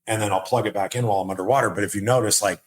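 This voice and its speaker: A man's voice: fairly low pitch, rapid-fire. A man hosting a casual podcast conversation, speaking with animation, swearing often and checking in with his listener as he talks. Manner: animated, swears a lot, keeps checking with "right?". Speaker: podcast host.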